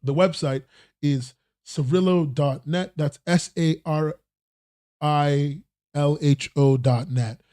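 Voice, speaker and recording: Guy rambling thru his webcomics podcast stream, kinda high for a man, mellow, swears a lot. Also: steady tone, takes it slowly, no room sound, studio quality. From not American. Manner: rambling, self-interrupting, swears casually. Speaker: podcast host. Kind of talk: casual livestream news roundup.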